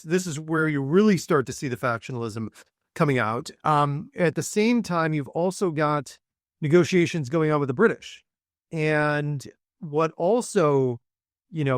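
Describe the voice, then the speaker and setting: A man's voice: a little high, dry recording, clean studio sound. Chatty man hosting a podcast. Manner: chatty, many fillers and restarts. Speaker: podcast host. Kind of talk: conversational history interview.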